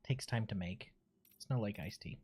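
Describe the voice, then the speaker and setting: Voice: low-pitched, normal speed, darkish tone, breathy edge. A streamer giving casual, joking commentary while playing, chatting along and talking to a pet.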